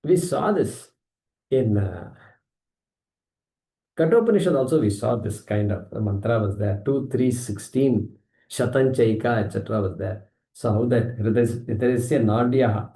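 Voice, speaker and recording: Indian-accented male scripture teacher, conversational and animated, mellow voice, reverberant hall sound. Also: mid-range voice. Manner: animated, conversational, acts out objections. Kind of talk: scripture class lecture.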